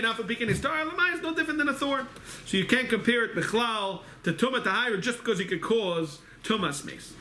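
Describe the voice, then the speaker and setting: High, sharp-voiced man teaching in an echoey hall. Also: slight background noise. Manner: rapid, quizzing himself with questions. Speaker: Talmud class teacher. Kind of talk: Talmud study lecture. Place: synagogue study hall.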